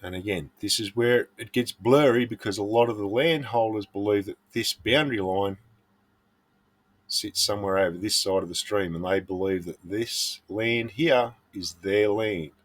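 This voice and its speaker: A man's voice: fairly low pitch, moderate pace. A middle-aged Australian man, a prospecting vlogger, giving earnest, blunt advice in a casual monologue.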